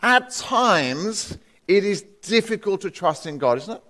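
A man's voice: high-pitched, big pitch swings, unhurried, pushed and bright. A man preaching a sermon as pastor, telling stories and acting out the voices in them. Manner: storytelling with acted voices. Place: church hall. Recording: church hall reverb.

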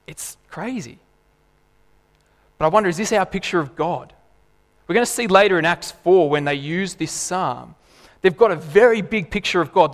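Animated preacher in a reverberant hall. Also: male voice, high-pitched. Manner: animated, emphatic, laughs and acts out voices. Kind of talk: sermon.

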